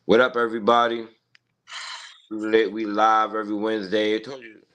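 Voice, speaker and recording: A man's voice: on the low side, monotone, normal speed, fairly bright tone, clean tone, highs cut off. A man hosting a weekly live stream, chatting casually and talking to himself as he sets up and shares the video. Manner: loose, talks to himself while fiddling with the stream.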